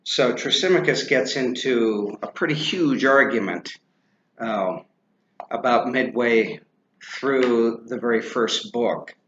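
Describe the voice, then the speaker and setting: A man giving a classroom lecture, halting with many ums and uhs and spelling names out loud. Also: mid-range voice. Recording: roomy, dull lo-fi with faint noise.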